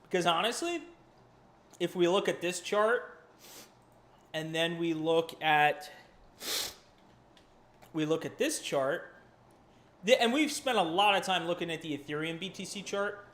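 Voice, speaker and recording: A man's voice: high voice, lively intonation, unhurried, pauses often, fairly bright tone. A man hosting a live crypto chart show, talking casually with profanity, restarts and rambling asides. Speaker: crypto market analyst and channel host. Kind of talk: casual live market commentary.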